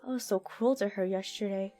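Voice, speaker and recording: A woman's voice: medium pitch, steady tone, brisk, mellow, soft background music, lightly acted. A woman voicing a small, sad child who misses their mother, asking plain, hesitant little questions in a game's dialogue. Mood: wistful.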